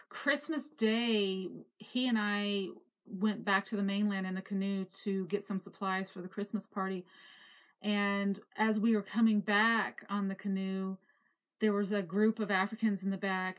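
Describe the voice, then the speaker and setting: A middle-aged woman recounting her life story to camera. She speaks in a reflective, emotional way, pausing, sighing and laughing now and then as memories return. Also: medium pitch. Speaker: memoir narrator.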